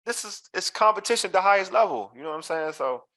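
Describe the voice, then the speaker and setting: A man's voice: high voice, lively intonation, fast, pushed and bright. A man hosting a casual sports talk show, emphatic and repeating phrases for effect. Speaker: podcast host.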